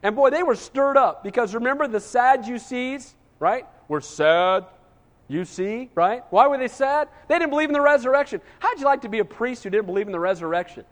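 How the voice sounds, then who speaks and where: A man's voice: very high voice, fast talker, few pauses, in a large hall. A man preaching a sermon as pastor, emphatic and conversational, often asking his congregation "Amen?".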